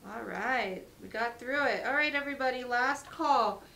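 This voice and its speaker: A woman's voice: fairly high pitch, moderate pace, vocal fry, sharp tone, recorded from a distance, poor audio. A woman hosting a live jewelry sale, chatty and upbeat as she reads out lot numbers and prices, her voice getting worn. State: losing her voice.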